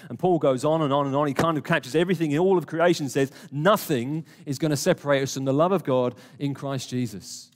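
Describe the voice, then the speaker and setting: This man's voice leans high, and he moves fairly fast with few pauses. He preaches to a live congregation in a warm church hall, conversational and emphatic, with jokey remarks along the way. The audio has a long hall reverb.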